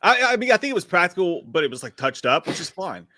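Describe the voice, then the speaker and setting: A man's voice: sits high, big pitch swings, fast talker, bright, forceful tone, dry recording, clean studio sound. A man co-hosting a casual live recap chat, blunt and laughing, trading crude banter. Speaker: podcast co-host.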